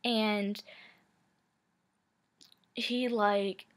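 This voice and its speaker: A woman's voice: mid-range voice, level tone, extremely slow. A woman in her twenties telling a personal story to camera in a casual, chatty way, full of "like" and "um" and frank swearing. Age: 20s. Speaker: vlogger.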